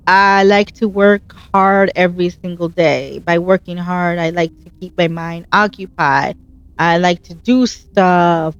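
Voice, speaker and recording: A woman's voice: medium pitch, clean tone, dull audio. A woman hosting her gaming channel, chatting earnestly and encouragingly as she plays, telling stories with animation. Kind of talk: casual gameplay commentary.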